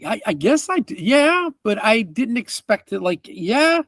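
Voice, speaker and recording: A man's voice: very high-pitched, sing-song, a little slow, a bit bright, no echo, voice pushed up, heavily acted. A man voicing a wary, reluctant male fur merchant who talks hesitantly and stammers.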